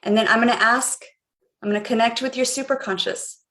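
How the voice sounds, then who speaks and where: A woman's voice: fairly high pitch, brisk, fairly bright tone. A middle-aged woman coaching viewers on a live stream, guiding them through a visualization in an earnest, repetitive way. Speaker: life coach.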